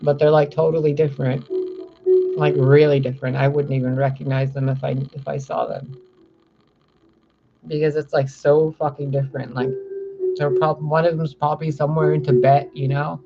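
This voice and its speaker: Gravelly-voiced man rambling excitedly. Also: fairly high pitch, moderate pace. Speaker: spiritual reader. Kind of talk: casual rambling monologue. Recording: slightly muffled with faint music. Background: faint music.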